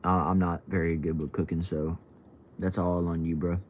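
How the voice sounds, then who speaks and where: A man's voice: low-pitched, level tone, moderate pace, a little hiss or hum. A young man at home, casually reading out livestream comments in a laid-back, drawling way, saying bro and y'all. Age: young adult. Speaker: livestream host. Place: at home indoors. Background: faint TV sound from another room.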